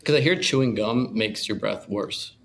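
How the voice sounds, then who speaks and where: A man's voice: on the low side, moderate pace, creaky, a bit bright, a little hiss or hum. A young man co-hosting a podcast, chatting casually in a hesitant, self-deprecating way. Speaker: podcast co-host. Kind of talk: casual chat.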